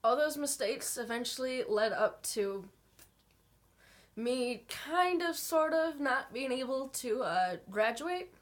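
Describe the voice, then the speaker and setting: A young woman talking to her camera in her bedroom, telling an emotional story slowly and haltingly while fighting back tears. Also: high-pitched, animated. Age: young adult. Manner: halting, slow, many pauses and fillers. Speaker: vlogger.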